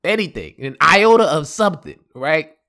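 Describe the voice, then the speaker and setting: Man, podcast host, comic storytelling, slangy, wildly swinging pitch. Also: normal speed. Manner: animated, slangy, laughing asides. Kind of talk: comedic storytelling.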